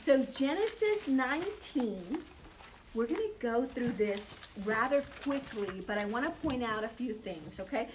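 A fairly high-voiced woman leads a Bible study with lively emphasis and frequent "okay?" check-ins. Her voice sits a little back from the mic, with a faint hiss underneath. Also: a little slow, recorded from a distance. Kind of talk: Bible teaching with a personal story.

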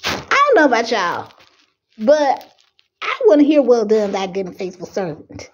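A woman's voice: on the high side, huge pitch swings, moderate pace, muffled recording. A young adult woman, preaching with rising fervor and fighting back tears. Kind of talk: impassioned preaching.

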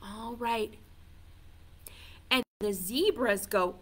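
Slow and expressive, her fairly high, bright voice carries a picture book to a group of toddlers. As a children's librarian, she reads in a playful sing-song and encourages the kids to chime in.

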